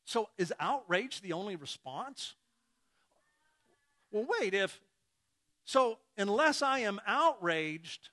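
A man's voice: high voice, sharp tone. A man preaching a sermon who acts out imagined dialogues and chuckles between points.

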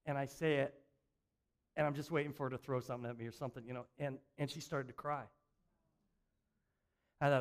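A man's voice: mid-range voice, steady tone, fairly quick, long pauses. An older man giving a sermon as a pastor in a church, telling stories in a chatty, self-mocking way and often restarting his sentences. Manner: conversational, self-mocking storytelling with frequent restarts. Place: church sanctuary.

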